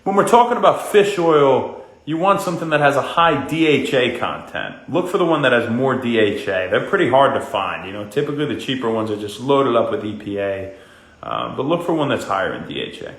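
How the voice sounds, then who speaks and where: A man, hosting a casual wellness livestream, greeting viewers by name and giving fast, upbeat health tips. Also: mid-range voice, sing-song, a bit bright. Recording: echoey room.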